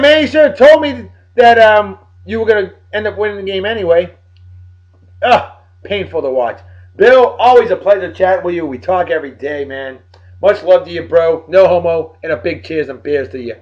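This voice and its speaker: A tired man giving joking, animated shout-outs to friends in a casual vlog. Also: fairly high pitch. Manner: animated, joking sports banter. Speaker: vlog host. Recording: dull lo-fi recording.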